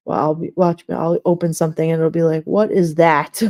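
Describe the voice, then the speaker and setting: A middle-aged woman hosts a casual live stream, talking straight to her chat viewers. She rambles through everyday stories, laughs often, and acts out the people in them. Her voice is warm and mellow. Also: on the low side, fairly quick.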